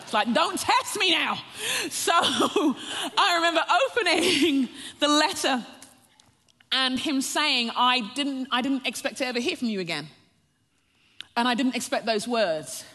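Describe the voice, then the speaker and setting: A woman preaching a personal testimony with a fairly high voice. She tells her story warmly to the listeners, calling them friends and often breaking into a laugh. Her voice rings with the long reverb of a large hall. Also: measured pace.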